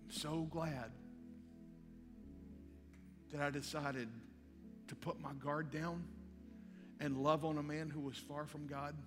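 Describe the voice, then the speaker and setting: Male pastor, lively storyteller, slightly high voice, live hall reverb. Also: takes it slowly, long pauses. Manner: animated storyteller acting out dialogue. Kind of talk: sermon storytelling. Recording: live hall with long reverb and faint music.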